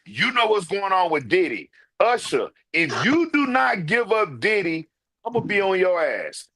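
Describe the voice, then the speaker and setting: High bright-voiced guy ranting, brash and profane, calling folks out. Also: very animated, measured pace. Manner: brash, profane, calls people out directly. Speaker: online commentator. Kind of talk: casual ranting commentary.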